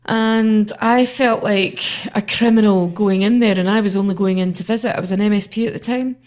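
A woman's voice: mid-range voice, fairly quick. Woman MP, chatty storyteller. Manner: animated storyteller who mimics others' voices. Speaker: member of parliament. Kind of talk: casual interview chat.

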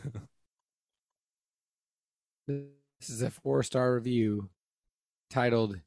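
A man co-hosting a podcast, reading out reviews and cracking deadpan jokes in casual chat. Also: mid-range voice, measured pace, dry recording, studio quality.

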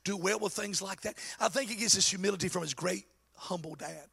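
Gravelly, bright-voiced preaching man. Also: sits high, brisk. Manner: preaching with shouted, sing-song emphasis. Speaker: pastor. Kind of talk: sermon.

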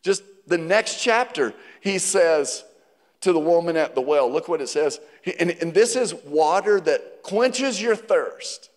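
Male pastor, high voice, lively sermon delivery, church hall reverb. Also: a little slow. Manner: animated preaching, rising to near-shouting on quotes; asks the congregation questions. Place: church sanctuary.

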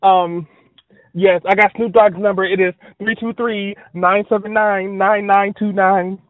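High-voiced man rambling over thin audio. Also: little pitch movement, unhurried, dry recording. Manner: scattered, full of fillers and trailing asides. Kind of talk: rambling monologue. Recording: phone-like dry audio.

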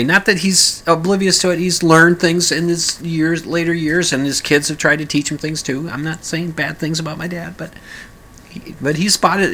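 Male podcast host, chatty and rambling, bright forceful tone. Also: a little high. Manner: rambling, with many restarts and sung mock lyrics. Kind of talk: casual monologue.

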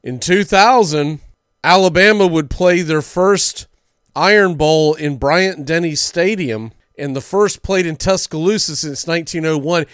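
Chatty sports radio host. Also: male voice, on the high side, unhurried, a bit bright, clear, resonant tone, dry recording, studio quality. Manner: storytelling, chatty with small slips.

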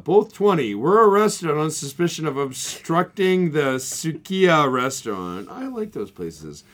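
Man reading news with laughs. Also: a little high. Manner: joking, laughs often, many restarts. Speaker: podcast co-host. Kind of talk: casual podcast chat, reading news aloud.

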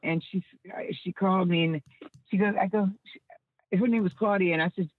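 Husky woman on a tinny phone line. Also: on the low side, moderate pace, no room sound. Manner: rambling, repeats and restarts words. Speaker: interview guest. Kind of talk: casual storytelling.

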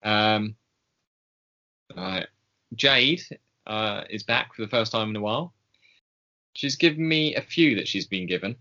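A man's voice: fairly low pitch, a little slow, pauses often, pushed and bright. A man co-hosting a casual podcast chat, rambling with lots of ums and small laughs. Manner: rambling, hesitant with many ums, chuckling. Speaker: podcast co-host. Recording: dull lo-fi recording.

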